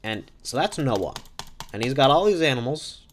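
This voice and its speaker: A man's voice: mid-range voice, very animated, normal speed, a little hiss or hum. A man hosting a podcast, improvising a silly, rambling comic story and often correcting himself. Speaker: podcast host.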